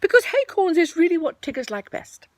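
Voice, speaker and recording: A woman voicing a bouncy, cheerful young male tiger, with a loud, high, exuberant voice. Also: big pitch swings, a little fast, no echo.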